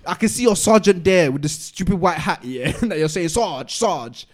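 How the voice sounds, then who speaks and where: A young man with a high voice, speaking at a moderate pace, co-hosts a podcast and tells a lengthy story casually. He animates it by acting out quotes and using London street slang.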